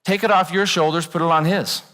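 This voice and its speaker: A man preaching a sermon in a church, animated and joking, acting out worried voices. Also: on the high side, a little fast, long reverb tail. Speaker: pastor. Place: church auditorium.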